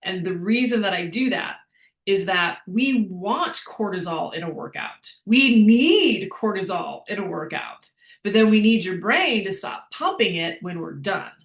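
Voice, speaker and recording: Upbeat bright-voiced woman fitness coach. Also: medium pitch, animated, moderate pace, roomy sound. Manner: chatty, upbeat, laughs while explaining. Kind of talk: live online fitness class with Q&A.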